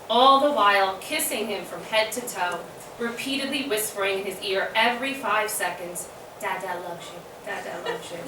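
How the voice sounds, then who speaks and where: A woman delivering a memorial eulogy for her brother, telling fond, wry stories with soft laughs. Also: on the high side. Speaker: eulogist, sister of the deceased. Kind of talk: memorial eulogy read from notes. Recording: echoey room from a distant mic with ambient noise.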